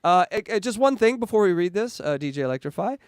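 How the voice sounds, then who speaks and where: A man hosting a casual livestream, joking around and hyping donations in an excitable way. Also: high voice, quick pace, clear, resonant tone, no room sound, studio quality. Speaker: livestream host.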